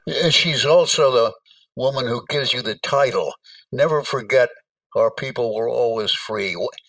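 An older man hosting a podcast, asking slow, halting interview questions. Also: medium pitch, vocal fry, a bit bright. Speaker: podcast host. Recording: voice from a distance.

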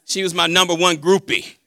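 Guy preaching on a handheld mic, acts out talking w god, crisp dry sound, high voice. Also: dry recording. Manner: animated preaching, quoting God in dialogue, playful asides. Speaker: pastor. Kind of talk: sermon.

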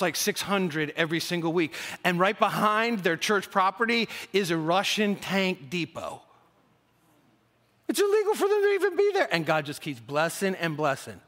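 Male pastor, high and bright, enthusiastic sermon, long church-hall reverb. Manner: enthusiastic, emphatic repetition.

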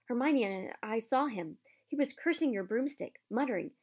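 An anxious young schoolboy from a storybook, as a woman reader puts him on, urgent and insistent. His voice sits a bit higher than the narration. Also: expressive, moderate pace, darkish tone, slightly rough. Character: anxious loyal schoolboy sidekick.

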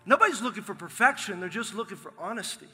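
A middle-aged male pastor, preaching a lively, joking sermon in a large church. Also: high-pitched, fast talker. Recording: long hall reverb from a live sanctuary.

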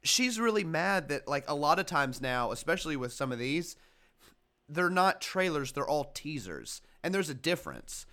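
A man with a slightly high voice co-hosting a movie podcast. He chats casually, rambling and hesitating as he gives his opinions. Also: big pitch swings, normal speed, bright, forceful tone. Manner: chatty, hesitant, lots of fillers and restarts. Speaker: podcast co-host. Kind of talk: casual chat.

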